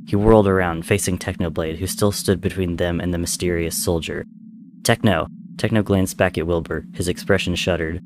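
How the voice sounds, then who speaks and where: A man reading a story aloud in a measured, dramatic way. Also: sits low, fairly even intonation, noisy background. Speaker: narrator.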